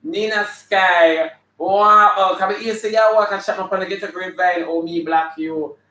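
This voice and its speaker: A man's voice: sits high, fairly even intonation, normal speed, pitched above the performer's own voice. Man playing a brassy Jamaican drag auntie, flamboyant, calls out names, faint room echo from a distance. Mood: gossipy. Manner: flamboyant, shouting out viewers' names. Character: sassy female character in drag, full of attitude. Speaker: comedian hosting a live stream. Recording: echoey room, mic at a distance.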